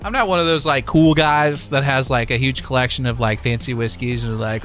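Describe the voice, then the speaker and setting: A man's voice: mid-range voice, fairly even intonation, brisk, fairly bright tone, soft background music. A man hosting a live stream in casual chat, easygoing and rambling with lots of fillers. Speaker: livestream host.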